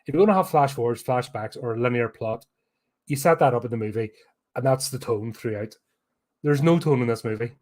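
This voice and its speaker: A Belfast man in full rant mode, tearing into a film with blunt sarcasm and plenty of swearing. His pitch sits mid-range for a man and his talk is casual and unscripted. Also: brisk, darkish tone. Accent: Northern Irish, Belfast. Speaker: podcast host, film reviewer.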